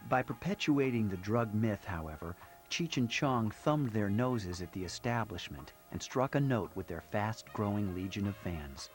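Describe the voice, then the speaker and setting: A man with a fairly low voice narrates a television documentary in a measured, storytelling manner. His scripted lines sit over loud background music. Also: lively intonation.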